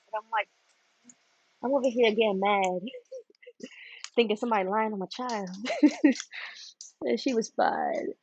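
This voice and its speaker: A young woman from Florida hosting a late-night livestream, chatting and telling animated stories as she works. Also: on the high side, moderate pace, long pauses, a little hiss or hum, rough recording. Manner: animated storytelling with laughs. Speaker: livestream host. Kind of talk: casual chat while working.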